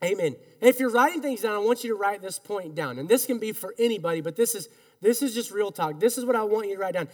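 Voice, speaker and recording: A man's voice: sits high, animated, fast. A male pastor preaching a sermon in earnest, emphatic tones, leading the congregation in call-and-response. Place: church sanctuary. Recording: long reverb of a large hall.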